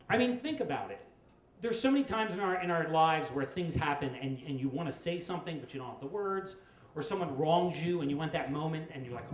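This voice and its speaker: A middle-aged man telling a comic story on stage at a storytelling event, wry and with dramatic pauses. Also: a little high, expressive. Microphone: stage microphone. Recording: echoey live room with faint noise.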